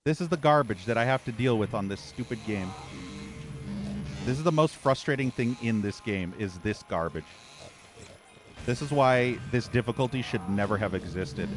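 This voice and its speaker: A man streaming a horror game, ranting with angry, profane commentary and exasperated sighs as he plays. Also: mid-range voice. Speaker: gaming streamer.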